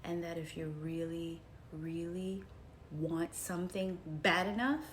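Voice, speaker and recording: A woman vlogger recounts a story to her viewers at a slow, easy pace. Her voice sits a little low, dropping to hushed tones for quoted asides and rising in excited bursts. A faint noise floor hangs under the recording. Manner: animated, addresses viewers as y'all, swings from hushed to shouting. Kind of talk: casual storytelling to camera.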